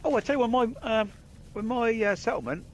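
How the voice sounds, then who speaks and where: A man's voice: extremely high pitch, expressive, fast, over a noisy crowd. A man playing along in a multiplayer game, chatting and thinking aloud, puzzled by what the game shows him. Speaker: co-player. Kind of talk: casual gaming chat.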